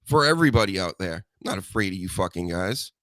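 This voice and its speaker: Animated, profane male podcast host. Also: deep voice, fast talker, no echo. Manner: animated, profane, jumps into mocking voices. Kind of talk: casual podcast chat.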